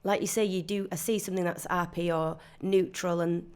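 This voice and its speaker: A woman's voice: lowish voice, steady tone, a little fast, a little mellow, smooth. A woman from Leeds with a Leeds accent, chatting as an actress guest on an interview podcast, full of "like" fillers and restarts. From Leeds, England. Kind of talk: casual conversational interview.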